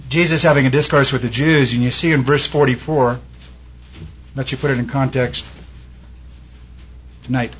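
Husky preacher man, dull lo-fi sound. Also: medium pitch, steady tone, moderate pace, long pauses. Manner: storytelling preacher, quotes people in raised voices. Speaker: pastor. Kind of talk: sermon. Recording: dull lo-fi recording.

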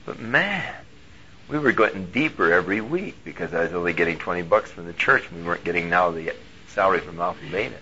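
A male pastor telling a personal story in a sermon, animated and moving between hushed and loud delivery. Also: deep voice, quick pace, slight background noise. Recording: dull lo-fi recording.

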